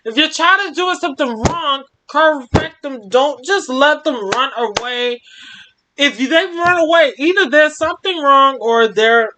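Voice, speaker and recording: A young adult woman hosting a story time, reading a fan story aloud and breaking off with expressive commentary. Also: high-pitched, unhurried, a little hiss or hum.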